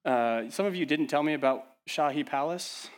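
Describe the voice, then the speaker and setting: A man pastor preaching a sermon in a church, urgent and full of rhetorical questions, dropping to hushed lines and rising to loud ones. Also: on the high side, moderate pace.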